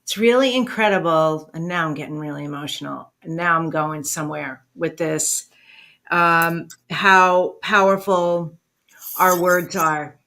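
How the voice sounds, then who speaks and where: A woman hosts a talk show interview, talking slowly and deliberately in a somewhat low voice. Her tone is emotional and affirming toward her guest. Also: pushed and bright. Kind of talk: interview conversation.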